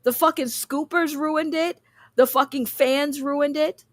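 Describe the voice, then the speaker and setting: Female stream host, emotional and profane, slightly high voice, dry close-miked sound. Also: steady tone, unhurried, no room sound. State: emotional, near tears. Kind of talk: livestream rant reading chat.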